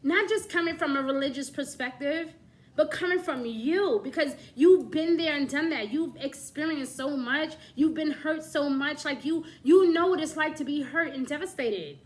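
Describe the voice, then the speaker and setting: A woman giving a casual astrology reading to camera, coaxing and lively, often checking in with her listener and laughing between points. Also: high-pitched, normal speed. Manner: coaxing, keeps saying "my love" and "okay?". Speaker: astrology reader.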